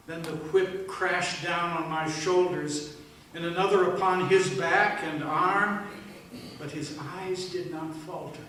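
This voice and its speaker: A man's voice: fairly high pitch, slight background noise. Solemn man in an echoey church. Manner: slow, solemn storytelling with hushed dramatic pauses. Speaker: worship leader. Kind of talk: dramatic first-person monologue. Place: church sanctuary. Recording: echoey room, mic at a distance.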